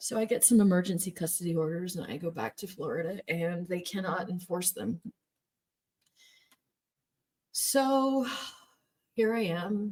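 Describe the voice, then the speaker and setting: A woman's voice: lowish voice, a little mellow. A woman telling her personal story in an emphatic, emotional way, recounting hard years with the odd laugh. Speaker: former Jehovah's Witness telling her story.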